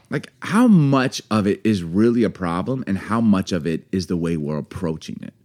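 A man with a fairly low voice that swings widely in pitch, chatting casually with his wife as co-host. He acts out little phrases in put-on voices and laughs a lot as he talks. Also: very animated, normal speed, few pauses, a little mellow. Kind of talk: casual couple chat.

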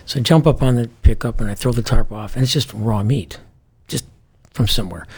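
A man's voice: mid-range voice, brisk, breathy edge. A man, a former police commander, telling stories in an interview and acting out the dialogue in different voices. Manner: lively, acts out quoted dialogue in different voices. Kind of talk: anecdotal interview storytelling.

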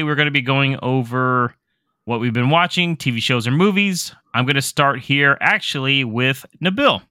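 A man's voice: mid-range voice, normal speed, bright, forceful tone, no room sound, studio quality, soft background music. A man hosting a film podcast, running through the episode plan in casual, upbeat talk. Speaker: podcast host. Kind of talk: casual chat.

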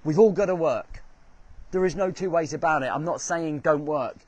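A man hosting a motivational talk, his voice sitting a little high for a man. He speaks earnestly and drives his points home by repeating key phrases. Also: moderate pace, a little mellow, no echo. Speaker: host.

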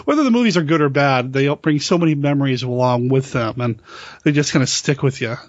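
A man's voice: mid-range voice, fairly quick, no echo. A man hosting a podcast, asking questions in an upbeat, friendly way. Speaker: podcast host. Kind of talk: casual interview chat. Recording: dry, dull lo-fi audio.

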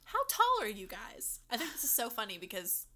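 A woman's voice: on the high side, huge pitch swings, brisk, pushed and bright, slight background noise. A young woman with a slight Southern twang, co-hosting a casual podcast and laughing easily. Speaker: podcast co-host.

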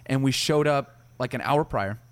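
A man's voice: medium pitch, moderate pace, clear, resonant tone. A man, a military veteran, telling stories as a podcast guest in casual, profane chat and slipping into voices. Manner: profane, animated, slips into voices.

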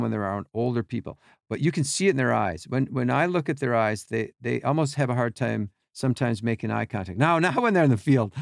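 Gravelly-voiced middle-aged storyteller man. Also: medium pitch, dry recording, studio quality. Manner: animated, acts out quotes and sounds. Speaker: podcast guest, team equipment worker. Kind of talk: casual storytelling.

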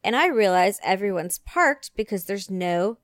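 A middle-aged woman telling a story in casual chat, animated and swearing while she acts out her own outbursts. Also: mid-range voice, moderate pace, dry recording, clean studio sound.

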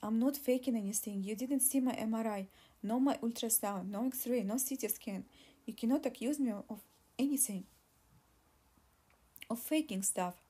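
A woman's voice: fairly high pitch, normal speed, pauses often, warm tone, breathy edge. A woman voicing a pregnant young woman who pleads and argues in an audiobook reading. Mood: pleading. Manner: pleading, insistent.

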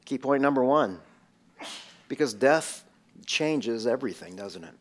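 A man's voice: mid-range voice, expressive, measured pace. A male pastor preaching a sermon, emphatic and full of rhetorical questions.

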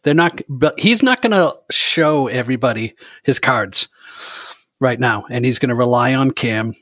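A man's voice: medium pitch, normal speed, fairly bright tone, no echo. A man in casual chat, telling a rambling story.

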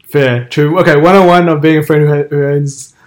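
A man's voice: fairly high pitch, fairly even intonation, fairly quick. A young man co-hosting a podcast in casual chat, teasing his co-host and repeating his points.

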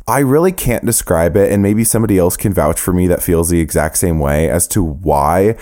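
A man hosting a casual solo podcast, talking in a sassy, animated and profane way, with playful laughs. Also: fairly low pitch. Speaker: podcast host.

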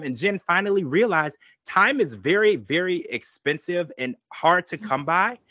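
A man's voice: sits high, expressive, normal speed, hardly any pauses, bright, forceful tone, dry recording. A man hosting a podcast, recapping a reality show in casual chat and acting out quotes in changed voices. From United States. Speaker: podcast host.

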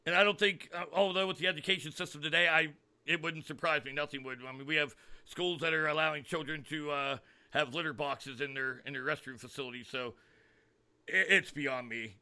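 A man hosting a political commentary podcast, sarcastic and ranting. His voice is sharp and forceful, sitting a little high. He talks with plenty of fillers and restarts. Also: steady tone, brisk, clean tone. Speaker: podcast host.

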